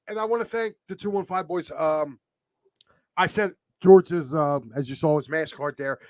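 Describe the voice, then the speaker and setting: A man co-hosting a sports talk show in casual chat, teary and speaking haltingly with many fillers. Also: fairly high pitch, a little mellow, no room sound. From Philadelphia area. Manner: halting, full of fillers and pauses. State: teary, emotional.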